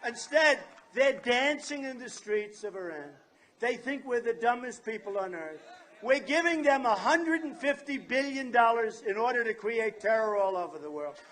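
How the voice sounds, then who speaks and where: Boastful man giving a high-pitched rally speech. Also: expressive, moderate pace. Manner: boastful, repetitive, shouting at times. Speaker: political candidate. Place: outdoor state fair rally.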